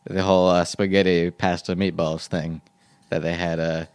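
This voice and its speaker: A man voicing a gruff, deadpan cowboy spy character in an improvised comedy podcast. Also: moderate pace, no echo, lightly acted. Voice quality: deep, stern, deadpan. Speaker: podcast guest.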